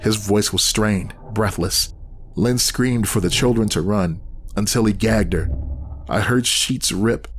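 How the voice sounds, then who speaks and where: A man reading a horror story aloud in scripted first-person narration, tense and steady. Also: fairly low pitch, a little slow, a little hiss or hum.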